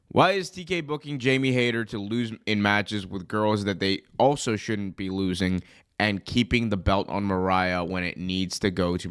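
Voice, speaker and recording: A young man who is hoarse from being sick, hosting a live wrestling commentary stream in a chatty, rambling way that often corrects itself. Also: low voice, a bit bright. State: hoarse, recovering from illness. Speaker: wrestling show host.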